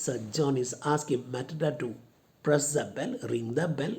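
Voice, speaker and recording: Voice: medium pitch, normal speed, a little mellow. A college teacher who reads a play aloud and paraphrases each line for the class. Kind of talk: explaining a play in an online class.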